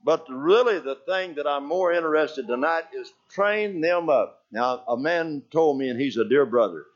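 Older folksy preacher, dull lo-fi recording. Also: male voice, fairly high pitch, moderate pace. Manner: folksy storytelling, animated with shouted quotes and hallelujahs. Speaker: pastor. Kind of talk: anecdotal sermon.

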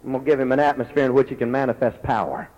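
A man preaching a lively sermon as pastor, breaking into shouted exclamations between stories and scripture reading. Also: medium pitch, racing. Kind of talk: Pentecostal-style sermon. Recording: lo-fi recording.

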